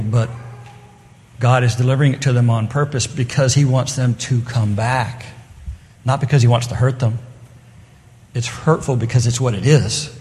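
A man's voice: medium pitch, a little mellow, a little hiss or hum. A middle-aged man preaching an evening sermon in an earnest, conversational way, now and then acting out the voices he quotes. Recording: long hall reverb.

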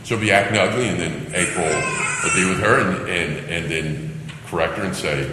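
An older man preaching a sermon as pastor, telling animated family stories and acting out children's cries. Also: low-pitched, moderate pace. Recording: echoey hall, faint background noise.

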